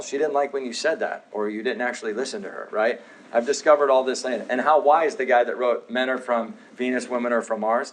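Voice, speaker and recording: A man's voice: medium pitch, slight background noise, rough recording. A man in his thirties teaching a live health class, talking to the room with joking, sarcastic asides and questions to the audience. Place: office classroom.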